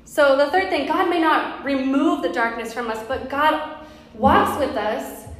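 A woman in her thirties preaches to her church in an earnest, conversational way, her voice sitting a little high. Her words ring out through a very reverberant hall, with a faint hiss of background noise underneath. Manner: earnest, conversational, with personal storytelling. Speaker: pastor. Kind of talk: sermon. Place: church sanctuary.

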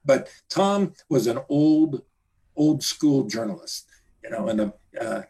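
A man being interviewed, reminiscing in a halting way with repeated words and many fillers. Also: mid-range voice, lively intonation, vocal fry, mellow, breathy edge. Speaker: interview guest, trade journalist.

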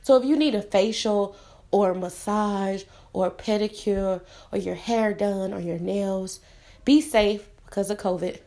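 A woman's voice: medium pitch, a little slow, mellow. A woman in her thirties hosting her own podcast, talking earnestly and from the heart to encourage her listeners. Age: 30s. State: tearful at times. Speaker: podcast host. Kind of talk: motivational solo podcast talk.

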